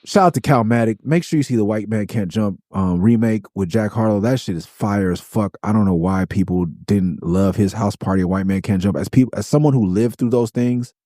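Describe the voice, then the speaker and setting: In a lowish voice at a moderate pace, with hardly any pauses, this Los Angeles man hosts a podcast full of tour anecdotes. He's lively and foul-mouthed, loudly acting out what people said. The studio audio is clean, with no room sound.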